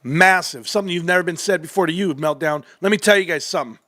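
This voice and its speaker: A man hosting a livestream, reading through financial reports with excitable commentary that swings from muttering to yelling, his voice going hoarse. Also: sits high, quick pace, no echo, studio quality. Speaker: livestream host.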